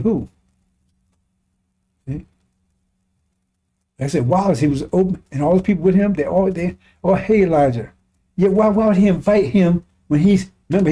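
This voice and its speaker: A man's voice: high-pitched, warm tone. A man preaching in a colloquial, impassioned way, reading scripture and adding mocking asides. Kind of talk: sermon commentary on scripture.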